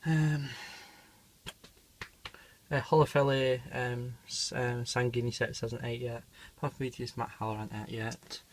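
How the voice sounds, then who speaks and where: A man filming his tarantula feedings talks in a flat, mid-range voice at a measured pace, with a little hiss or hum in the recording. His narration is casual and rambling, full of ums, and he speaks more softly near the animals.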